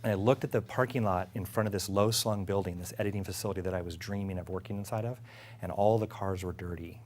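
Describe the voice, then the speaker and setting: A middle-aged man, an executive, telling a casual story about his career. He is lively, laughs often and acts out what others said. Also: low voice, fast, slight background noise. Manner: animated, laughing, acts out quotes. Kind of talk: casual anecdote.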